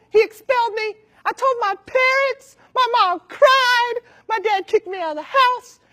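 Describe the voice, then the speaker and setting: A man doing a high-strung, pleading old ex-con. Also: pushed and bright. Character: sixty-year-old ex-convict, anxious and wounded.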